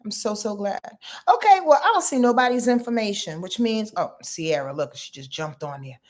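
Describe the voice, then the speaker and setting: A woman in her fifties, sleepy and talking from her bed, runs a loose astrology livestream. She chats with viewers in slangy, easygoing speech at a middling pitch. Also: sing-song, moderate pace. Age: 50s. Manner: chatty, slangy, addresses viewers directly. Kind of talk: casual livestream reading. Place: lying in her bed at home.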